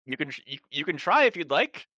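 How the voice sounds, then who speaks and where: A man's voice: on the high side, very animated, brisk, sharp tone, no echo, muffled recording. A man running a tabletop horror game as game master, describing scenes with many ums and restarts.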